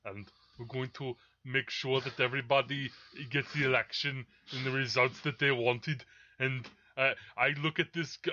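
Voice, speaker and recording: A man putting on a deep, relaxed, exaggerated Austrian accent to impersonate a bragging action-star politician on a podcast. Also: muffled recording, close to an everyday voice.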